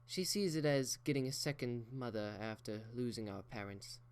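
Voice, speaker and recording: A man's voice: mid-range voice, moderate pace, darkish tone, clean tone, natural voice. A man voicing an elegant, proper unicorn mare who speaks in a genteel, theatrical way. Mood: breezy.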